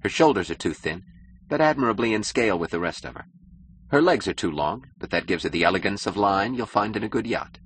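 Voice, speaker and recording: A man voicing a cynical, powerful male publisher who speaks gravely and with smooth mockery in an audiobook. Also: fairly low pitch, animated, a little fast, fairly bright tone, slight background noise, pitched above the performer's own voice. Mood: mocking.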